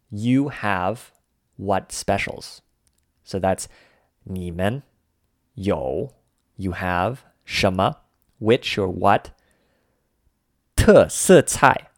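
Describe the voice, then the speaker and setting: Slow, deep-voiced man on a dry mic. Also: no echo. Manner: unhurried, walks through each dish step by step. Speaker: language podcast co-host. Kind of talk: explaining Mandarin phrases.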